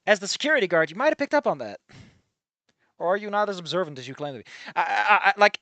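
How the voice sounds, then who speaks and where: Guy reading a fanfic out loud and ranting about it, kinda high voice, swears a lot, trails off and restarts. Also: sing-song, fast talker, no room sound. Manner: swears freely, rambles, breaks off mid-thought. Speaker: fan fiction reader and commentator. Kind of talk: casual reading aloud with commentary.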